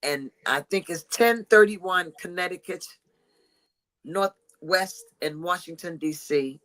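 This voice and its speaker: Woman host, comedy chat; bright, sharp tone, loud, laughing, playfully crude. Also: on the low side, takes it slowly, poor audio. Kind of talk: casual raunchy comedy chat.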